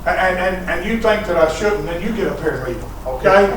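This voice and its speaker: High, bright shouting preacher, echoey church. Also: male voice, lively intonation, a little fast, far from the mic, slight background noise. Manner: shouting preacher who punctuates lines with "huh?" and "uh". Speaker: pastor. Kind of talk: sermon. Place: church sanctuary. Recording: echoey church sanctuary recorded from afar.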